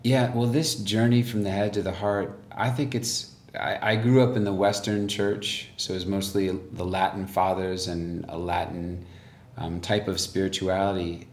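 A man's voice: deep voice, steady tone, normal speed, roomy sound. A man hosting a casual faith discussion, speaking in a reflective, encouraging way. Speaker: host.

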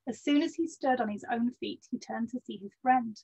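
A woman's voice: fairly high pitch, a little fast, warm tone, breathy edge, lo-fi sound. A woman researcher giving a history lecture, hesitant with many ums and self-corrections, and dropping wry asides.

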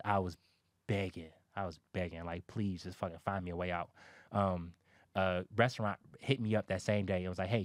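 A man's voice: fairly low pitch, no echo, clean studio sound. A man in his thirties telling his life story in a casual interview, candid and emphatic, swearing freely.

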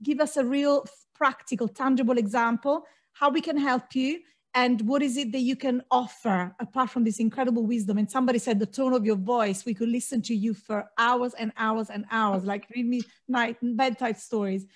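A high-pitched woman hosts an online event over a video call, gushing with praise. She sounds openly emotional as she links guests together. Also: fairly even intonation, normal speed. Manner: effusive, emotional, warm praise. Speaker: event host, co-founder.

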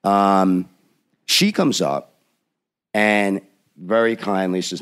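A man with a low, gravelly voice tells a long anecdote as a podcast guest. He talks casually, full of fillers and restarts, and acts out the lines of the people in his story. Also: a little slow. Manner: animated storyteller, acts out quotes; frequent filler words and restarts. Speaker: film industry veteran guest.

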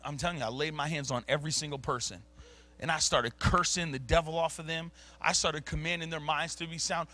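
A man preaching a sermon, telling stories in casual slang and swinging from low mutters to loud bursts. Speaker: pastor. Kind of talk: sermon storytelling. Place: church sanctuary.

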